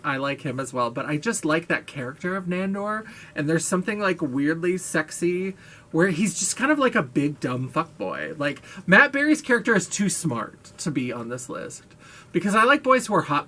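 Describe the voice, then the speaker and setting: A man's voice: fairly high pitch, bright, forceful tone. A man vlogging in a casual monologue, gushing, playful and self-mocking, with a brash, blaring voice.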